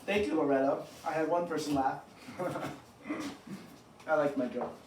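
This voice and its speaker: A man's voice: fairly high pitch, moderate pace, noisy background. Chatty man telling a joke, roomy and far. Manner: animated storyteller, chatty and upbeat. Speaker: cooking show host. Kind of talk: live cooking stream chat and joke telling. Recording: roomy kitchen sound from a distance.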